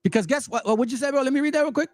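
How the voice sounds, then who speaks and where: A man from Peru giving casual reaction commentary, animated and talking straight to his viewers. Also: very high-pitched, racing. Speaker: channel host.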